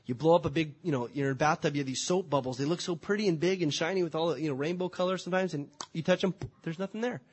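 Pastor, male, husky and a bit high-voiced, conversational preacher with rhetorical questions. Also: rapid-fire, hardly any pauses. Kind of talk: sermon.

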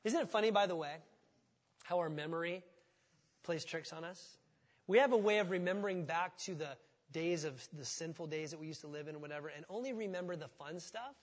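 High-pitched guy preaching a sermon, lively, acts out the quotes, long echo of a big hall. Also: a little fast. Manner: animated, acts out quotes in mocking voices. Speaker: pastor.

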